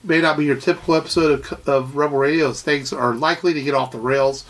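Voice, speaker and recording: A man's voice: on the high side, steady tone, fast talker, fairly bright tone. A man co-hosting a podcast in casual, enthusiastic chat, rambling with fillers and swearing, his voice a little nasal from a cold. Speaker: podcast co-host.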